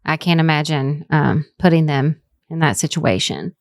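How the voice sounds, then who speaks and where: A former juror with an Appalachian accent, talking through her memories of a trial in a measured, halting way on a casual podcast. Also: low-pitched, animated, no room sound, studio quality. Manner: measured, recalls trial details with hesitations.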